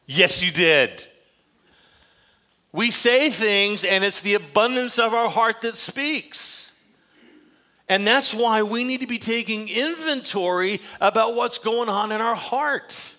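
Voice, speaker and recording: An older male pastor delivers a sermon in a high, bright voice. He preaches emphatically, then drops into quiet asides to his congregation. He speaks in a church sanctuary. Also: measured pace.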